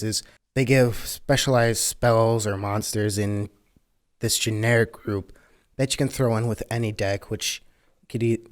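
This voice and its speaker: A man co-hosting a casual card game podcast, wry and joking, with sarcastic asides and mild grumbling. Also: mid-range voice. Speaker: co-host.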